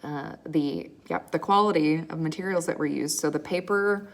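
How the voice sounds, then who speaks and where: Low-voiced woman lecturing casually. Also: moderate pace. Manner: casual, checks in with "okay?" and "right?"; frequent ums and uhs, restarts. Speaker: history teacher. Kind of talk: recorded slide lecture.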